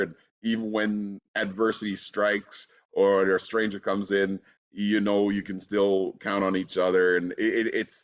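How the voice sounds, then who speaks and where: A relaxed man chats as an interview guest, laughing easily and filling gaps with "you know". His voice sits low, and the audio sounds dull and lo-fi. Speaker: actor guest. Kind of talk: casual interview.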